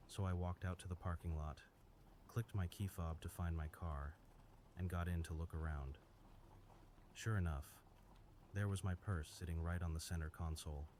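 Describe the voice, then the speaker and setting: Very deep-voiced man narrating horror stories. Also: a little hiss or hum. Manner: steady, measured first-person telling. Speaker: story narrator. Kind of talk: scripted horror story narration.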